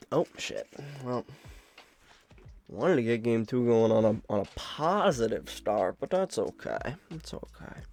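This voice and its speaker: A young man giving casual live commentary while he plays a card game, talking to himself, swearing and laughing at his luck. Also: mid-range voice. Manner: animated self-talk, swears, laughs at his own luck. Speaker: card game content creator.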